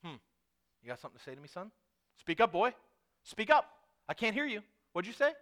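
Angry Southern dad, barking taunts, fairly high voice, a man putting it on. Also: sing-song, brisk, fairly bright tone. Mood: angry, taunting. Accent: Southern US (put on). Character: angry, scolding Southern father of a runaway son.

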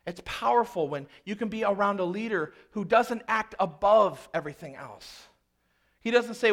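A man preaching a sermon, moving between quiet, slow reflection and loud, urgent reenactments of prayer. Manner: earnest preaching with dramatic dynamic swings, quieting low then rising loud. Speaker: pastor.

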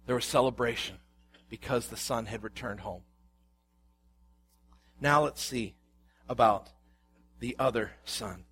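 A man's voice: mid-range voice, unhurried, pauses often, fairly bright tone, slightly rough. A man preaching a sermon, reading scripture aloud and explaining it with rhetorical questions. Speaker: pastor.

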